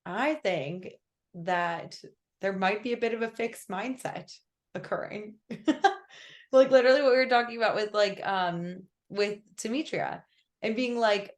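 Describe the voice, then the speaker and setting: A woman's voice: medium pitch, unhurried. A young woman coaching a client on a call, chatty and full of fillers. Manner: chatty, filler-heavy, lots of "like". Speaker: business coach.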